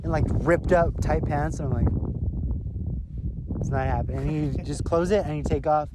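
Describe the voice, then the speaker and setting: A young man co-hosting a podcast, rambling through a profane story. His voice sits a little high, and he bursts into loud impressions of other people. A heavy wash of noise runs under the whole recording. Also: fairly even intonation, brisk. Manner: profane, rambling, acts out quotes loudly. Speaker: podcast co-host. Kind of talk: casual storytelling chat.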